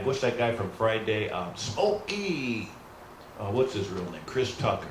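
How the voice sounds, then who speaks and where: A middle-aged man, new to stand-up, rehearses a rambling, self-deprecating set and keeps calling out to the folks. His voice is fairly low and a bit bright, and the recording has a roomy echo with a faint hum.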